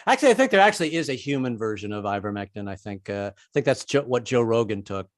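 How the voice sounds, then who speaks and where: A man's voice: mid-range voice, very animated, fast talker, no echo, studio quality. A man doing a rambling, self-deprecating stand-up set over a video call, slipping into voices. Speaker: stand-up comedian.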